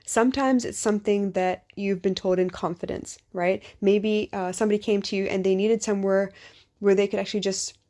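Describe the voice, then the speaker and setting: A woman's voice: medium pitch, fairly even intonation, fairly quick, dark tone. Candid woman podcasting late at night. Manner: candid, conversational, personal storytelling. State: tired at three in the morning. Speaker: podcast host and life coach. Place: living in Singapore.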